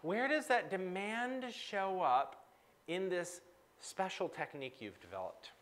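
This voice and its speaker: A man leads a live-streamed coaching conversation. His voice sits a little high and moves a lot in pitch. He mirrors his guest's words back to her and follows up with probing questions. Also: lively intonation, measured pace, a bit bright. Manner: reflective, probing questions with frequent affirmations.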